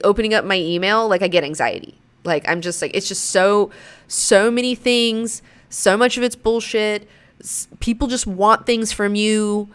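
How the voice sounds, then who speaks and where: A woman in her thirties hosting a show, chatting casually in a rambling, profane way, now and then slipping into mocking high-pitched quotes. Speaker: show host. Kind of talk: casual chat.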